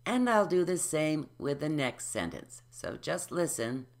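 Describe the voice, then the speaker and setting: A speech teacher explaining dropped syllables and modeling words and sentences slowly for the listener to repeat. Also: mid-range voice, big pitch swings, gravelly. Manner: slow, careful, explanatory, models each word. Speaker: elocution teacher. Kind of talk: slow instructional speech drill.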